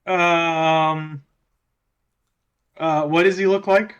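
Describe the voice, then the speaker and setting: A man's voice: on the high side, fairly even intonation, drawn-out words, smooth, lo-fi sound. A man playing a tabletop game, rambling with hesitant restarts and many fillers. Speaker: player.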